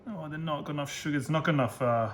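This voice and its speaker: A man's voice: fairly high pitch, fast talker, slight background noise. Chatty man demoing in an echoey kitchen. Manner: chatty, self-deprecating, jokes about his own slips. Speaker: cooking demonstrator. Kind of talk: casual cooking demo.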